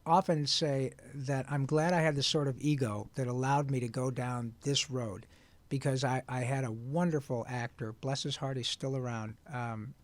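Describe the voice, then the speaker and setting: A man in his sixties, a voice actor telling lively stories in an interview. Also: medium pitch, normal speed. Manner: lively, breaks into sung lines and quoted voices. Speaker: guest voice actor. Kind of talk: animated interview storytelling.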